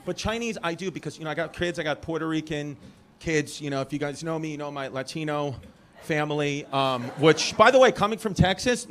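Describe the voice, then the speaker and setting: Brash higher-voiced male stand-up comedian. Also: fairly bright tone, a little hiss or hum. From Brooklyn, New York. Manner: brash, rambling crowd work. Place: theater stage. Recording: live theater with a laughing crowd.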